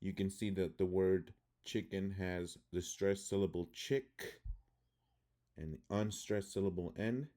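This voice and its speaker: A man teaching English pronunciation, reading word lists deliberately one by one and explaining calmly. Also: low-pitched. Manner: deliberate, reads words one by one.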